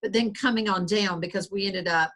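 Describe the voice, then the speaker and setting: Brief: Southern US woman, author guest, earnest, rambling, mid-pitched voice. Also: a little fast, fairly bright tone. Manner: earnest, rambling with many restarts. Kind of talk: conversational interview.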